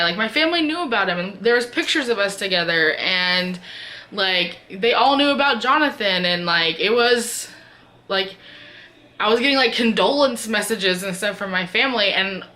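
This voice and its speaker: A woman's voice: medium pitch, pushed and bright. A woman vlogger telling a personal story in a chatty, casual way, full of filler words.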